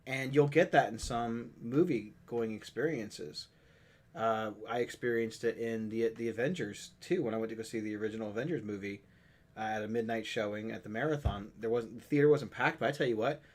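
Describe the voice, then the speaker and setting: A man co-hosting a podcast, telling animated stories in casual chat and swearing casually. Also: mid-range voice, a little fast. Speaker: podcast co-host.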